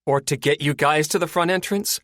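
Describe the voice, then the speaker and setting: A man's voice: fairly high pitch, fairly quick, a bit bright, no room sound, voice pushed up, natural voice. A man doing Doctor Probst, a stubborn woman doctor. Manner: dry, stubborn.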